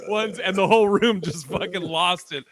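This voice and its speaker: Animated, swearing podcast host man. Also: high-pitched, moderate pace, a crowd in the background. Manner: animated storyteller, acts out quotes, swears a lot. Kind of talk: casual chat.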